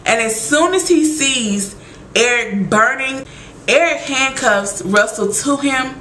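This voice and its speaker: A woman recapping a TV episode in casual chat, animated and exclaiming as she acts out her own reactions. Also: on the high side, normal speed, echoey room, a little hiss or hum, low-quality recording.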